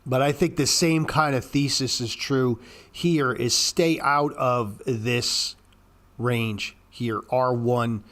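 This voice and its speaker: A market commentator with a fairly bright voice speaks slowly, offering blunt, profane, casual commentary on stock charts. He rants at panicked traders, mocking them in a high, squeaky voice.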